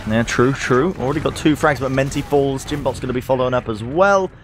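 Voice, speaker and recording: A male esports caster calling the action live, his voice rising sharply as the fights heat up. He sits at a headset mic over a faint hum and throws in playful asides between plays. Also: fairly quick. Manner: energetic, climbs in pitch on big plays, jokey asides. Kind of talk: play-by-play commentary.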